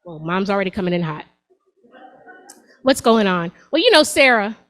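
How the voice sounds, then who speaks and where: A woman's voice: mid-range voice, very animated, normal speed, poor audio. A woman in her forties doing a stand-up set on a comedy club stage, talking to the crowd in a sassy, conversational way. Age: 40s.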